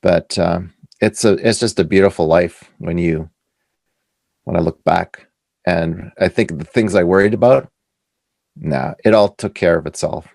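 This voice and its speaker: A middle-aged man from Canada with a very low, gravelly voice, recorded close and dry. He tells his stories with animation, slipping into the voices of the people he quotes as an interview guest. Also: measured pace, a little mellow, no room sound. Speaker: author and guest. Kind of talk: casual storytelling interview.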